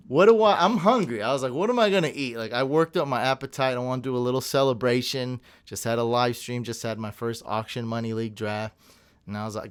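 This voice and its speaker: Animated young man telling a story. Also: mid-range voice, clear, resonant tone. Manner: animated storyteller, quick tangents and laughs. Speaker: podcast co-host. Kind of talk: casual chat.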